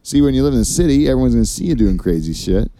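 A man's voice: mid-range voice, lively intonation, very fast, mellow, dry recording. A man hosting a casual comedy podcast, telling long rambling stories full of swearing. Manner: rambling, profane storyteller. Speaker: podcast host.

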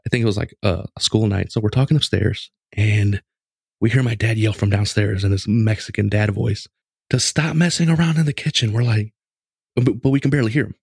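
A man in his late twenties casually telling a story in a lively, conversational way, with lots of restarts. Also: lowish voice, a little fast, gravelly, husky, dry recording, studio quality. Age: late 20s.

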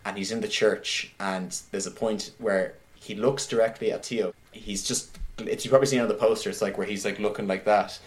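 A man in casual conversation, retelling a film scene by scene in an animated way, with many "like"s. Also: on the low side, a little fast, hardly any pauses. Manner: animated retelling, heavy use of "like". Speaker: podcast guest discussing films.

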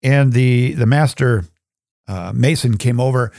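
A man hosting a show, teaching scripture with animated storytelling and acting out little scenes. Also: mid-range voice, a little slow, dry recording, studio quality. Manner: animated storytelling, acts out voices. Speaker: host and Bible teacher.

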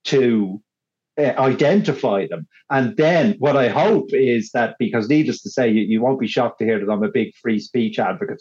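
A man in a casual panel chat who argues earnestly and haltingly, often restarting. His voice is mid-pitched, and his mic sounds dull and lo-fi. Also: darkish tone.

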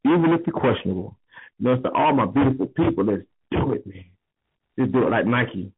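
A man's voice: mid-range voice, expressive, a little fast, husky. A tipsy man leaving a rambling, profane voicemail rant. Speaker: voicemail caller. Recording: tinny phone voicemail.

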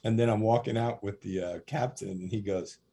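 A man in ministry telling lively stories in a podcast interview, acting out what people said. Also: on the low side, brisk, vocal fry, breathy edge. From USA. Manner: animated storyteller, acts out quotes with laughs. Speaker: prison minister.

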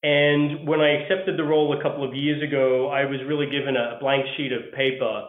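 A man with an Australian accent, a guest answering interview questions in a measured way with frequent pauses. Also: mid-range voice, flat delivery. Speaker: guest, HR leader. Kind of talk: podcast interview. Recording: echoey phone-like line.

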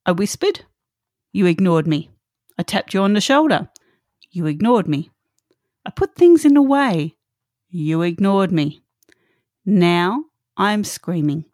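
A woman's voice: lowish voice, animated, measured pace, pauses often, a little mellow, no echo, studio quality. A woman voicing the human body as a figure, scolding its owner in exasperation for ignoring it. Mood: exasperated scolding.

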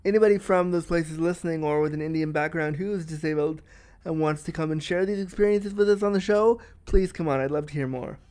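Male podcast host, slightly high voice, frank and fast-talking, candid film commentary. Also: darkish tone, smooth. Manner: frank and chatty, says he talks fast.

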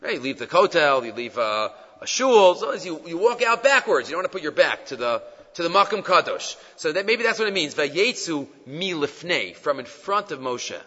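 Animated rabbi teaching in a dull, reverberant hall. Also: male voice, fairly high pitch, moderate pace. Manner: animated storyteller, mixes Hebrew phrases into English. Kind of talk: Torah class with retold stories.

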